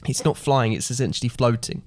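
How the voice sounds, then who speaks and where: A man's voice: medium pitch, brisk, no room sound. A man co-hosting a casual podcast, explaining ideas at length and thinking aloud. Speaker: podcast co-host. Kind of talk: casual chat.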